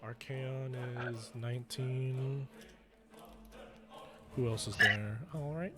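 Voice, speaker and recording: A man's voice: mid-range voice, fairly even intonation, takes it slowly, loud music behind the voice. A young man narrating as game master in an online tabletop game, rambling and correcting himself as he goes.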